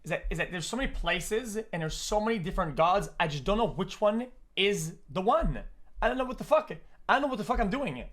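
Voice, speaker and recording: A young man streaming, reacting loudly with lots of swearing, repeated words and stumbles. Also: sits high, animated, brisk. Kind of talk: profane reaction commentary.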